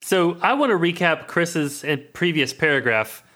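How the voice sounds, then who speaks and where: A man co-hosting a comedy podcast, dropping dry, quick quips in casual banter. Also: a little high, animated, bright, forceful tone.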